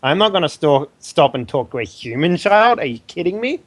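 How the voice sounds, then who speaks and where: Male player, higher voice, dry close sound, sarcastic and argumentative. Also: very animated, brisk, no room sound. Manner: argumentative, sarcastic, swears often. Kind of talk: casual tabletop play.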